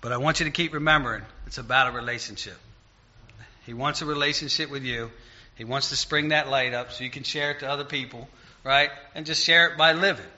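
A man preaching an informal sermon in a conversational way, getting loud and emphatic when he retells stories. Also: medium pitch, a little fast, highs cut off.

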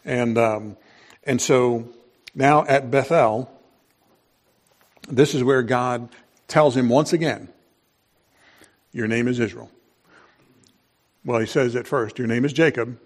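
A male pastor preaching a sermon in an unhurried, conversational way, with frequent fillers and restarts. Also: mid-range voice.

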